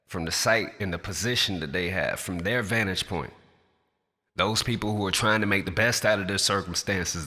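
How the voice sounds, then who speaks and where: A man's voice: on the low side, sharp tone, big-room sound. A man who raps, speaking straight to camera in a passionate, blunt and profane rant in his natural everyday voice. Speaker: rapper.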